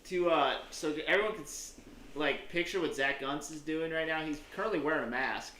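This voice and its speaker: A man's voice: fairly high pitch, brisk, bright, forceful tone. A young man co-hosting a podcast, asking the group questions and laughing easily. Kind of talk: casual chat. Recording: echoey room, faint background noise.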